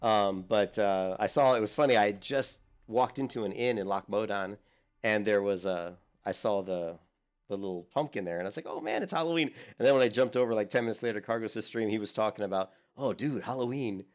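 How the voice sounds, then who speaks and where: A man's voice: fairly low pitch, fairly even intonation, fairly quick, clean tone. A man streaming a video game, chatting casually to his viewers in a rambling, self-mocking way with frequent chuckles. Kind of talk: casual gameplay commentary.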